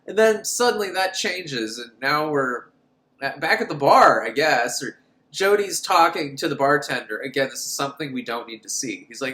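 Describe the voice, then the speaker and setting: A man's voice: on the high side, big pitch swings, fairly quick, sharp tone, echoey room. A man recapping a horror film in a crude, sarcastic way, laughing at his own jokes. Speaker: film reviewer. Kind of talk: casual comedic movie recap.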